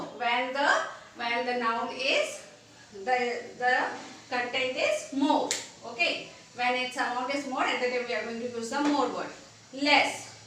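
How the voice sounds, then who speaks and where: High, bright woman teaching in an echoey room. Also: distant mic, a little hiss or hum. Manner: repeats words and examples slowly, mixes in Hindi. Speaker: English teacher. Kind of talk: grammar lesson.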